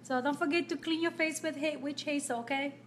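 A woman from Nicaragua, chatting casually with viewers on a live stream as a makeup artist, talkative and quick to laugh. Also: high-pitched, steady tone, fairly bright tone, a little hiss or hum.

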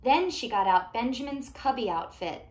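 A woman reading a picture book aloud to young children, animated and pausing to ask them questions. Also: a little high, a little hiss or hum. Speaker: children's storytime reader.

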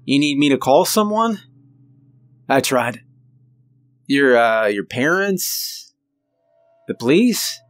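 A man narrating a scripted horror story in the first person, with measured, suspenseful delivery and dramatic pauses. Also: medium pitch, big pitch swings, dry recording.

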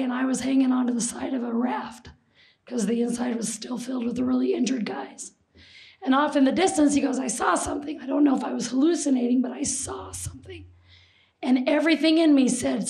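A woman presenter telling a story to an audience, animated and acting out the quotes. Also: sits high, rough recording.

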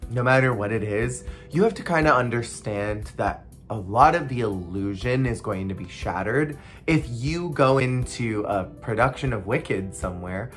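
A casual vlog storyteller with a blunt, wry way of talking. The voice sits at a middling pitch and shifts into animated, playful tones when acting out other people. Faint music plays underneath. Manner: animated, acts out quoted people. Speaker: former theme park cast member.

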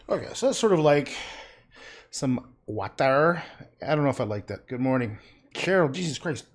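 This is a husky-voiced man from Canada chatting on a livestream while he paints. He rambles loosely and mutters to himself, slipping in casual swearing. His pitch moves around a lot as he wanders from thought to thought. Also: big pitch swings, moderate pace. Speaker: painter streaming his work.

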